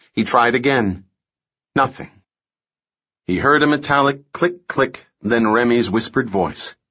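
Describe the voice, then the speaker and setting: A man reading a thriller as an audiobook narrator, with steady, measured storytelling. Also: mid-range voice, muffled recording. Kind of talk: scripted narration.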